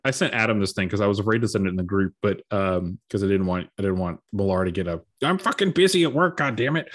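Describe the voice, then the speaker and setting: A man co-hosting a podcast, telling stories in casual chat with heavy swearing and an animated delivery. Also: medium pitch. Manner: animated storytelling, heavy swearing, frequent laughs. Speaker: podcast co-host.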